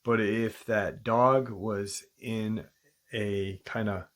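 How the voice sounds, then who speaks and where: A man hosting a channel, casually retelling a listener's encounter in a halting way, with frequent ums and restarts. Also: lowish voice, fairly even intonation, a bit bright. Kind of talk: casual spoken storytelling.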